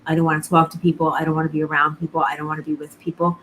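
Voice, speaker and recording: Earnest woman medium, soft hiss behind. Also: low-pitched, completely flat delivery, rapid-fire, poor audio. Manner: earnest, reassuring, repeats phrases. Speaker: psychic medium. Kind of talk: live-streamed reading, casual talk to viewers.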